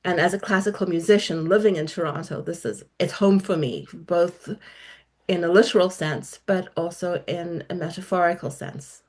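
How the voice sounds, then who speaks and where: A woman's voice: lowish voice, normal speed. A middle-aged woman guest author talking about her work in a podcast interview, articulate and enthusiastic. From South Africa.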